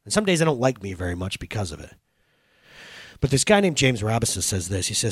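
A middle-aged man preaching a sermon, telling playful stories with loud bursts of excitement. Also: fairly low pitch, fast, slightly rough, dry recording, studio quality. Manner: animated, playful storytelling with bursts of loud exclamations. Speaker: pastor.

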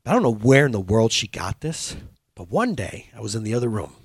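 A middle-aged man preaching a sermon, telling playful stories with loud bursts of excitement. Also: fairly low pitch, a little fast, breathy edge, no echo, studio quality. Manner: animated, playful storytelling with bursts of loud exclamations. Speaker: pastor.

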